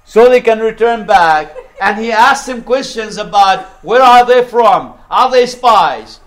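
A man with a fairly high voice delivers a sermon. He retells the story with animation, sometimes laughing and acting out the lines of its characters. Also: expressive, a little slow, a bit bright. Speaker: preacher.

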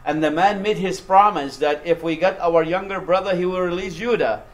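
A man with a fairly high voice delivers a sermon. He retells the story with animation, sometimes laughing and acting out the lines of its characters. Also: normal speed. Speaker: preacher.

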